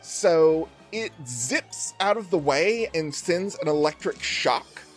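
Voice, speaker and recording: Lively game master narrating a scene. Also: medium pitch, takes it slowly, soft background music. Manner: relaxed, explains rules plainly.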